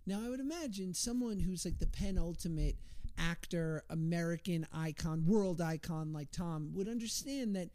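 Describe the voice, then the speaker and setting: A man's voice: on the high side, moderate pace, warm tone, no echo. A man in his thirties telling stories as a podcast guest, chatty and self-deprecating, with many restarts. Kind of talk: casual storytelling on a podcast.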